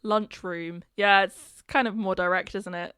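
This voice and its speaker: A British woman co-hosting a podcast in casual chat, wry and quick to laugh. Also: medium pitch, fairly even intonation, sharp tone, smooth, no echo. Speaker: podcast co-host.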